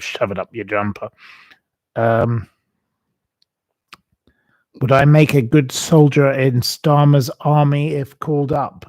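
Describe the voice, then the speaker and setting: A man's voice: mid-range voice, no echo. A man hosting a casual livestream, rambling and chatty with many ums and asides. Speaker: host.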